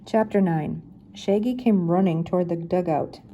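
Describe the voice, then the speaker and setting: An older woman reading a children's chapter book aloud in a gentle, unhurried storytelling manner. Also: fairly low pitch, highs cut off, slight background noise. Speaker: reader.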